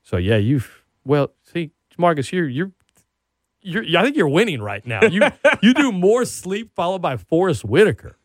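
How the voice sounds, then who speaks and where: A man hosting a casual talk show, an animated storyteller who gets worked up. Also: on the high side, normal speed, dry recording, studio quality. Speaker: podcast host. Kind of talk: casual chat.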